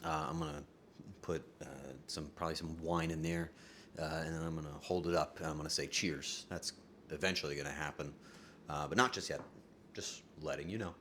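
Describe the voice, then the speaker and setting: A man streaming live from his home setup, rambling casually with sudden loud outbursts and soft asides. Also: extremely low pitch, fairly even intonation, fairly quick, slight background noise.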